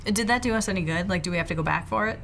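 A woman's voice: medium pitch, vocal fry, a bit bright, slight background noise. A woman playing in a tabletop game, chatty and agreeable. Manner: chatty, agreeable, quick to laugh. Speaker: player. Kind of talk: casual tabletop play.

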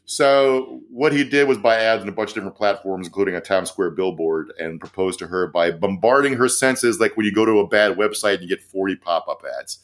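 Low-voiced man riffing sardonically. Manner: profane, sardonic, quick asides. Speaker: podcast co-host. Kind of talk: casual comedic news chat.

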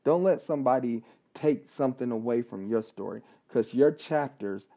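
Mellow-voiced man telling a story haltingly. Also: mid-range voice. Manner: halting, with pauses, restarts and repeated words. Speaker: licensed professional counselor. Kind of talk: personal storytelling on a podcast. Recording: dull, slightly lo-fi recording.

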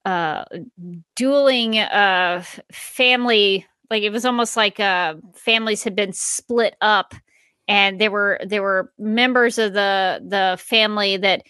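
A woman from the southern United States, co-hosting a casual chat and talking haltingly with lots of "uh" fillers. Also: mid-range voice, sharp tone, clean tone, dry recording. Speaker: podcast co-host.

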